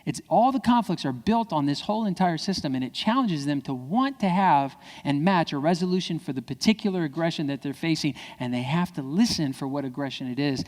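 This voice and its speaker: A man giving an animated, playful keynote talk, acting out family dialogue in other voices. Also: a little fast, few pauses. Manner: playful, jumps into high voices when quoting kids. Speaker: keynote speaker. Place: civic center hall. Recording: long reverb of a large hall.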